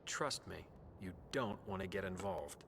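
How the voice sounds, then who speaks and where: A grave, secretive warrior. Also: male voice, low voice, expressive, a bit bright, heavily acted. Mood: warning. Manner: solemn, measured warnings. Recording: long hall reverb, faint noise.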